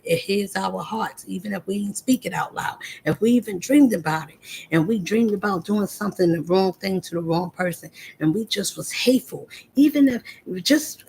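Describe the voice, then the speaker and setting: Speaking straight at her audience, a woman vlogger delivers a confrontational, preachy spiritual monologue. Her mid-range voice is creaky and darkish, with a faint hiss or hum in the background.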